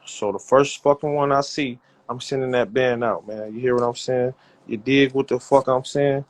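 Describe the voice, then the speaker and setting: A man who runs a rap label, talking loud and profane in repetitive hype bursts while he pushes a cash giveaway on a livestream. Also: medium pitch, fairly even intonation, moderate pace. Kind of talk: hyped social media livestream.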